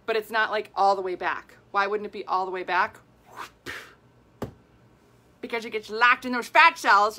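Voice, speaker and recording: Bright-voiced animated woman health coach. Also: medium pitch, normal speed, pauses often. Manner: animated and worked up, laughing, acting out quoted people. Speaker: women's health coach and host. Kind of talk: casual live video answering viewer comments.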